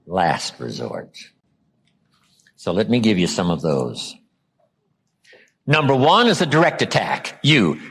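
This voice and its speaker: Man, from the US, motivational speaker, husky, lively pitch, acts out quotes. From United States. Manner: animated, acts out quoted lines, drops low for emphasis. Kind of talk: motivational seminar talk.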